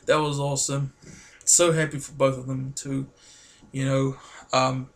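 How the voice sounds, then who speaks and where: A man, vlogging in a casual, rambling and excitable way, full of fillers. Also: medium pitch, measured pace, gravelly. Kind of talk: casual chat to camera.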